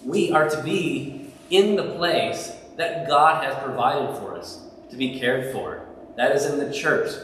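A man's voice: medium pitch, lively intonation, unhurried, fairly bright tone, a little hiss or hum. A man preaching a sermon as pastor, speaking conversationally and asking the congregation questions. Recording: echoey hall, voice from far off.

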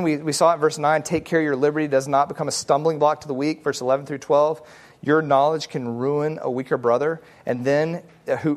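A man teaching a Bible study in an earnest, conversational way, repeating phrases for emphasis and often asking whether his point makes sense. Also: fairly high pitch. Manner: earnest, checks in with listeners often.

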